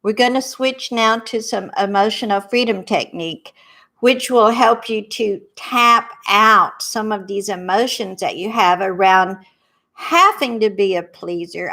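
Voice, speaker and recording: Slow, soothing woman guiding tapping. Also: medium pitch, bright, forceful tone. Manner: slow, soothing guided repetition. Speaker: intuitive tapping coach. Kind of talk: guided tapping workshop.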